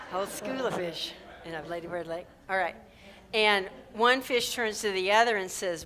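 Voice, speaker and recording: A woman minister giving a conversational sermon at a church service. She keeps checking in with listeners with "right?" and leads slow, drawn-out group affirmations. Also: medium pitch, fairly bright tone.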